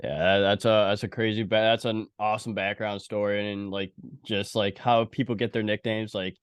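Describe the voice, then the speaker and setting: A young man hosts a sports podcast, asking questions in a low, level voice that often stumbles and restarts. His tone is smooth and clear. The sound is close and dry. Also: level tone, normal speed, dry recording. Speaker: podcast host. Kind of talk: casual interview chat.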